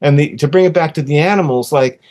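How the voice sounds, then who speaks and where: A man in his sixties, a podcast guest, telling a personal story earnestly and with animation, softening to a hush when quoting gentle words. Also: fairly high pitch, fast. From USA. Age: 60s. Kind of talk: casual storytelling in an interview.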